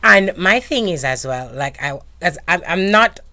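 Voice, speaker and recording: A Jamaican woman in casual discussion, animated and slipping into patois phrasing as she makes her points. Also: fairly low pitch, measured pace, no room sound. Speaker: guest.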